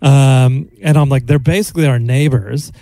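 An Australian man in his thirties, hosting a podcast, telling a story in casual, profane, animated chat and acting out the quotes. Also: medium pitch, moderate pace, no echo. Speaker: podcast host.

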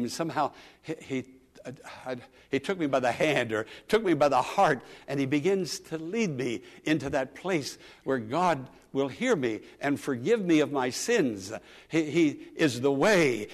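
A male pastor preaching with fervor, his voice sitting fairly high for a man. He repeats key phrases, pressing hard on some lines and dropping to soft asides on others. His words ring out with the long reverb of a church sanctuary. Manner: earnest preaching, repeats phrases, swings between loud emphasis and soft asides. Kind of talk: sermon.

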